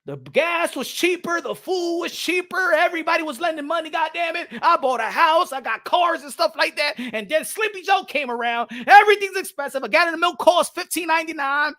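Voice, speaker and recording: A man's voice: extremely high pitch, a little fast, hardly any pauses, pushed and bright. A man giving a brash, profane comedic rant, mixing in Spanish. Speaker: comedic commentator.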